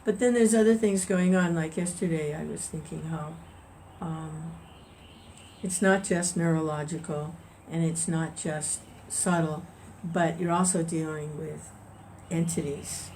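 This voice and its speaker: A woman gives a relaxed spiritual talk in a fairly low voice. She speaks conversationally, restarting sentences and chuckling as she tells a story. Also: measured pace, slight background noise, rough recording. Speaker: devotional discussion leader.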